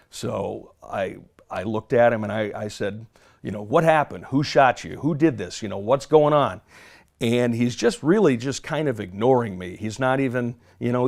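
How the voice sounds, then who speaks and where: A man, a former police officer, telling a detailed story in an interview, halting and measured with many fillers. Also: mid-range voice, creaky, darkish tone.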